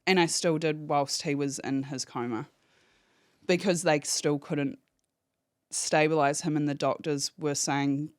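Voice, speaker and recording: In an unhurried, low voice with fairly even intonation, a woman opens up on a podcast about something personal and emotional. She swears freely and acts out phone calls in quotes, and the studio-quality audio has no room sound.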